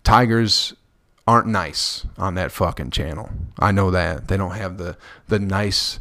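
Man, podcast host, low voice, gravelly fry, profane rambling comedy, dry close recording. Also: unhurried, a bit bright, dry recording. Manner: rambling, profane, laughs at his own jokes. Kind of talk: crude comedic podcast monologue.

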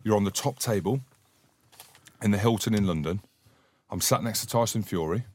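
Deep-voiced Scottish man telling stories. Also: normal speed. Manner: swearing, animated anecdote-telling. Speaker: podcast co-host, former rugby player. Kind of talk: casual storytelling chat.

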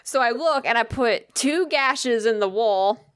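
A woman's voice: a little high, lively intonation, a little slow, a bit bright, smooth, no room sound. A woman in casual chat tells a story with lots of swearing and acted-out quotes. Her voice is very dry and close, with no room sound around it.

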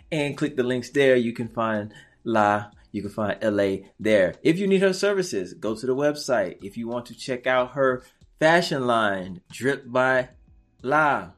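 A man's voice: mid-range voice, animated, moderate pace. A man hosting a podcast interview, giving encouraging, preacher-like advice with lots of repetition. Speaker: podcast host. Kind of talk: casual interview chat.

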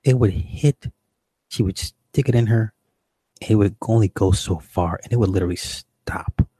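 A man's voice: on the low side, moderate pace, mellow, breathy edge, no room sound. A young man doing stand-up, telling a crude story in a profane, exasperated, rambling way. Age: young adult. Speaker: stand-up comedian.

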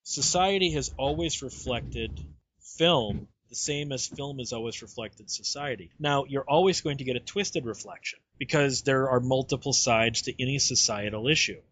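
A man's voice: medium pitch, normal speed, a bit bright. A man hosting a film podcast, arguing his points emphatically. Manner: argumentative, emphatic. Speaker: podcast host. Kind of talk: film discussion.

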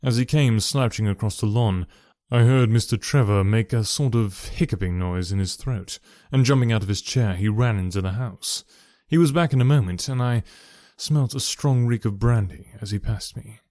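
A man reading a story aloud in a measured, even narration. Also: fairly low pitch, no room sound, studio quality. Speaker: audiobook narrator.

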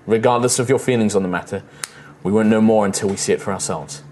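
A man's voice: lowish voice, quick pace, a little mellow, faint music behind, natural voice. A man voicing a stern female royal guard captain who speaks curtly and commandingly. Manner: curt, commanding.

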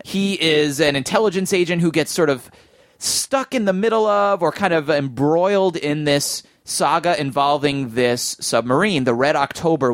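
A man talks through a film in a casual, enthusiastic way, thinking aloud as he goes. His voice sits a little high for a man. The sound is dry and close, with no room around it. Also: a bit bright, no echo. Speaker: film podcast host.

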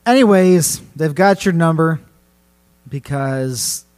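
A man's voice: on the high side, slow pace, darkish tone. A man hosting a casual podcast chat, telling a spooky story in a playful, rambling way and laughing often. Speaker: podcast host.

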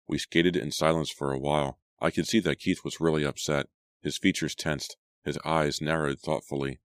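Very deep-voiced male audiobook narrator. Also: little pitch movement, normal speed, dry recording, studio quality.

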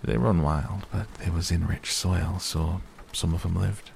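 A man voicing a grumbling, grunting old gardener who is cross but softhearted, talking with reluctant gruffness. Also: sits low, steady tone, unhurried, a little hiss or hum, exaggerated voice. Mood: gruff. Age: older.

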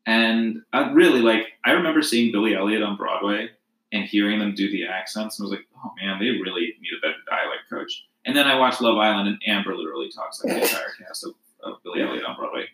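A man's voice: fairly low pitch, fast, fairly bright tone. A man in rambling casual chat, full of fillers and restarts. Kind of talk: casual chat about reality TV. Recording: echoey room.

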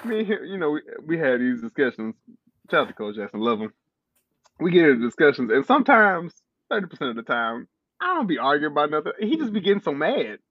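A young man tells stories and teases his co-host in a laid-back, swearing way on a casual podcast. His voice sits fairly high and moves around a lot. The recording is dry and slightly dull, with no room sound. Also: big pitch swings, fast, dry recording. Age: young adult. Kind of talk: casual chat.

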